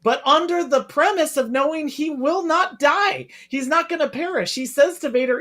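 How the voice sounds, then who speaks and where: A podcast co-host in casual discussion, chatty and quick to quote lines in passing. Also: sits high, fairly bright tone.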